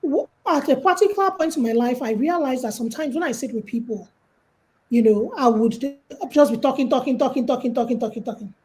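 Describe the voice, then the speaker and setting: A Nigerian woman with a high-pitched voice talks a little fast over a low-quality line with some hiss or hum. As a guest speaker on a call, she gives casual life and money advice, telling lively stories and acting out the quotes.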